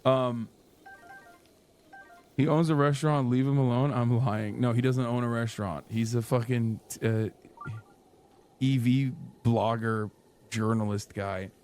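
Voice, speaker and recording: A man's voice: medium pitch, fairly even intonation, a little slow, pauses often, darkish tone, slight background noise. A man streaming live, chatting casually and reacting to chat with lots of swearing. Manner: profane, chatty, reads chat aloud.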